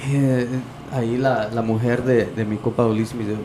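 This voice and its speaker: A man tells rambling, profane stories in a casual podcast chat. He mixes Spanish slang into his talk, and his voice sits in an ordinary middle register. The recording carries clear background noise. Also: mid-range voice, steady tone, a little fast, hardly any pauses, warm tone. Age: 30s. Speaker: podcast host.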